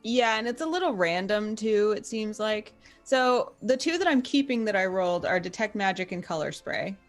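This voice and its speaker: A woman's voice: mid-range voice, expressive, normal speed, faint music behind. Woman player thinking aloud over spells. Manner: thinks aloud, reads rules out. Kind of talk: casual tabletop game chat.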